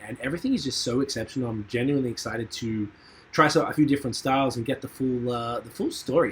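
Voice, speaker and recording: A man's voice: mid-range voice, a bit bright, breathy edge. A man hosting a podcast over a remote call, in loose casual chat full of fillers. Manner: loose and chatty, swears casually, many fillers. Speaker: podcast host. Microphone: remote call with a mute button.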